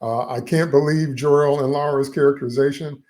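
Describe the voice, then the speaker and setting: A man hosts a panel chat in a slightly high voice. He sounds incredulous and sprinkles in laughing asides as he keeps the conversation moving. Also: fairly even intonation, fairly quick, darkish tone. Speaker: host. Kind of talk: casual film review chat.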